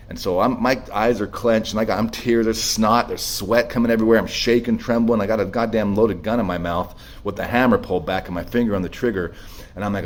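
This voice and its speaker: A man sharing a raw personal testimony in a halting, emotional way, full of restarts and blunt swearing, shaky as he tells it. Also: lowish voice, fairly even intonation, a little hiss or hum. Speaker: speaker sharing his story.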